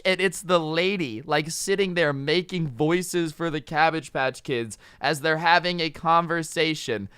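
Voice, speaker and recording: A young man tells a story in a loose, chatty way, tossing in "dude" and acting out the lines he quotes. His voice sits a little high and sounds bright and clear. It is recorded close on the mic, dry with no room sound. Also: unhurried, hardly any pauses, no echo. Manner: chatty, says dude a lot, acts out quotes. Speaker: storytime youtuber. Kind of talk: casual storytelling.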